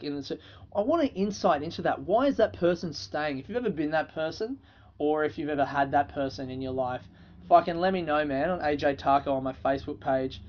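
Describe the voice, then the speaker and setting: An Australian man hosts a solo podcast and tells stories in a loose, profane, casual way, laughing as he goes. His voice sits a little high. The sound is slightly dull and lo-fi. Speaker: podcast host.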